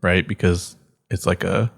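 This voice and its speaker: A podcast co-host with a deep, steady, gravelly voice speaks at a measured pace in a dry, clean studio recording. His casual chat rambles, full of restarts and filler words.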